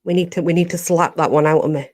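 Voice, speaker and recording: A chatty livestream host from Barnsley, Yorkshire, England, answers viewer comments in a casual live chat, saying "you know" constantly. Her voice is low-pitched, steady, fast and a little mellow.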